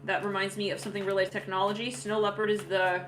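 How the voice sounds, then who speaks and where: A woman's voice: mid-range voice, flat delivery, fast, a bit bright, a little hiss or hum. A woman giving a casual tarot reading, rambling with lots of fillers and frequent laughter. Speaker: tarot reader.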